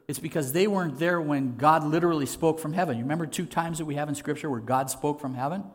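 A man's voice: a little high, a little fast, hardly any pauses. A man preaching a sermon in an earnest, conversational way, asking his listeners rhetorical questions. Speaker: pastor.

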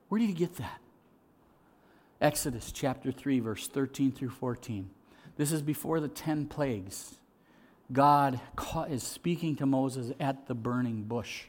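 A middle-aged man preaching a sermon as pastor, swinging from loud, lively storytelling to hushed, slow emphasis. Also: mid-range voice.

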